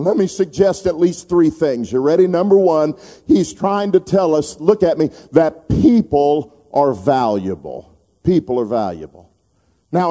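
A man's voice: high-pitched, dark tone, in a large hall. A man preaching a sermon, retelling a parable with dramatic storytelling and calling on the congregation to answer him.

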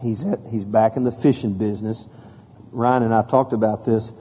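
A man preaching a sermon as pastor, reading scripture with rising emphasis and dropping low and soft for solemn points. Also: steady tone, normal speed, husky. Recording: hall reverb.

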